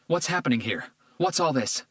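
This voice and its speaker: A man's voice: lively intonation, moderate pace, fairly bright tone, no echo, studio quality. Man playing distraught woman in her thirties, frantic, pleading, voice pushed far up, audiobook thriller. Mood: demanding. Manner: frantic, high-pitched and pleading.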